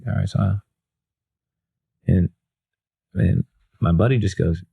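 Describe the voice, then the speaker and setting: A man's voice: sits low, takes it slowly, vocal fry, pauses often, warm tone, husky. A man, a motivational speaker, telling stories in a casual, self-deprecating way with lots of fillers and restarts. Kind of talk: casual storytelling.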